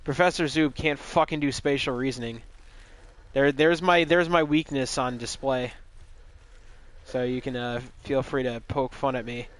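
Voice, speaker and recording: Speaking at a moderate pace in a steady, mid-range voice, a man livestreams a game. His commentary is casual: he rambles through the retelling of a story, cracking jokes and cursing often.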